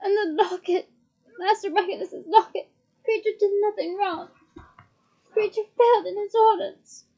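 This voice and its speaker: A woman voicing a bitter old male house elf who croaks and mutters, in a storybook reading. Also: high voice, takes it slowly, hardly any pauses, mellow, dull audio. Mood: wailing.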